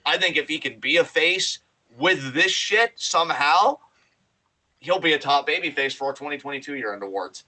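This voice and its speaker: Fired-up guy cohosting a podcast, kinda high, bright voice, swears a lot. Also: moderate pace, rough recording. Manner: excited, profane, animated. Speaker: podcast co-host. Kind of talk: casual chat.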